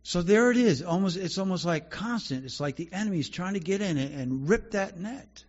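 A man's voice: high-pitched, lively intonation, a little fast, dull audio. A man preaching a sermon as pastor, earnest and conversational, often restarting his sentences.

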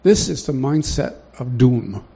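A man's voice: medium pitch, expressive, unhurried, creaky, mellow, husky. A man preaching a sermon in a conversational way, often putting questions to the congregation, in a dull lo-fi recording.

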